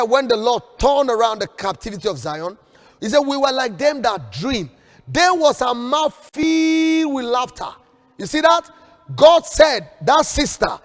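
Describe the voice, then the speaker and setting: A man preaching fervently as a prophet in an online prayer broadcast, urging viewers to repeat declarations after him. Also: very high voice. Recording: long hall reverb with faint background music.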